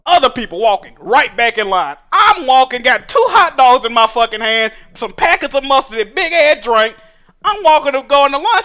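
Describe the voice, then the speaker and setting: A young man streamer telling a long profane story in casual slang, growing exasperated and loud. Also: extremely high pitch, fairly quick. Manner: profane, animated, rising to exasperated shouting.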